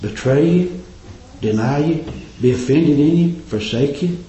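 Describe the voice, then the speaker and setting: An impassioned man delivers a sermon, his voice climbing into high, ringing cries before dropping low again. His voice rings around an echoing room. The recording sounds a little dull. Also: lively intonation, a little slow, dark tone, slight background noise. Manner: impassioned, rising to high exclamations. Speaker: preacher. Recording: roomy, slightly dull recording.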